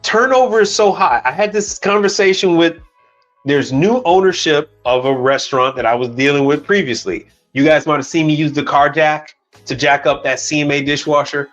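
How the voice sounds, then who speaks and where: A man's voice: fairly high pitch, moderate pace, a bit bright, muffled recording, soft background music. A man hosting a casual livestream, telling stories bluntly and with plenty of profanity, acting out the dialogue. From Chicago. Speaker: livestream host.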